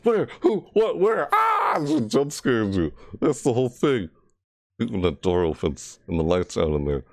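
A man's voice: on the low side, sing-song, unhurried, dark tone, dry recording, clean studio sound. A man commentating a horror game playthrough, frustrated and jumpy, scolding the game's characters and shrieking at scares. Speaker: gamer.

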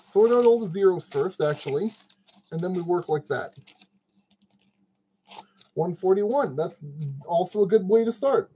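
A man sorts kit parts on his crafting channel, chatting to himself and cracking jokes at his own expense while building a model kit. His warm, high voice is animated but a little slow with long pauses, and the poor audio has slight background noise.

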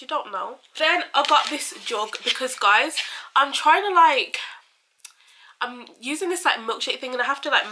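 A bubbly young woman talks through a haul in a loose, filler-heavy way. Her voice is bright and slightly high. A faint hiss sits under the recording. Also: rough recording. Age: young adult. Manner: chatty, bubbly, lots of fillers. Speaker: beauty vlogger. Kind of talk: casual haul chat.

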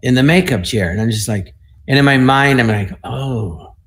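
Male, 60s, from the US. Panel guest, animated storyteller who acts out the dialogue. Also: mid-range voice, brisk. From United States. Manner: animated, acts out other people's lines in the stories. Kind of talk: anecdotal storytelling.

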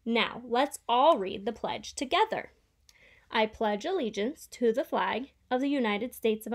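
A woman reading a children's picture book aloud, voicing a kind female schoolteacher who talks in a gentle, clear, encouraging way. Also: fairly high pitch. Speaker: reader.

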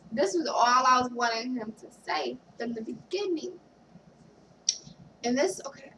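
Young woman with a gravelly voice, telling her story. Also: a little high, bright, forceful tone, recorded from a distance, slight background noise, low-quality recording. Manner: candid, halting, reads a card aloud. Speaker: vlogger. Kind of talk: casual personal storytelling.

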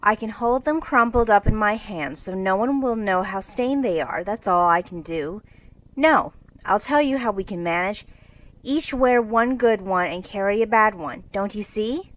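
A woman's voice: mid-range voice, moderate pace, fairly bright tone, lightly acted, poor audio. A woman voicing a careless, tomboyish teenage girl in a storybook reading, speaking bluntly and forthright.

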